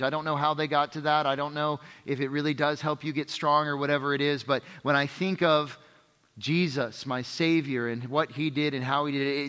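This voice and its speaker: A man delivers a sermon with a bright, forward voice pitched a little high. He keeps it conversational, checks in with his listeners, and hammers his points through repetition. A long hall reverb trails behind every phrase. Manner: emphatic repetition. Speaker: pastor.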